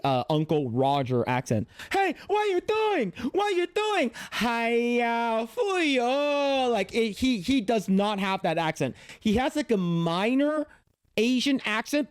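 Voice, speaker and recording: Male reaction streamer, lively swooping delivery, rambling off-the-cuff talk, dry close mic. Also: high-pitched, no room sound. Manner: rambling, animated, lots of fillers and restarts. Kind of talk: casual reaction commentary.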